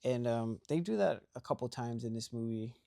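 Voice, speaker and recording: A man's voice: mid-range voice, lively intonation, moderate pace, vocal fry, warm tone. Rambling young man recapping a movie. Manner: rambling, heavy use of "like" and "right?". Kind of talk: casual movie plot recap.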